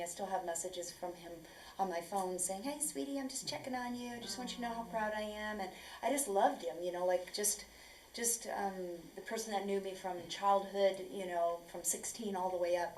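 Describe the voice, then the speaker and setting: A woman sharing a personal story casually, halting and hesitant. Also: lowish voice. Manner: hesitant, many fillers. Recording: echoey room, distant mic, faint noise.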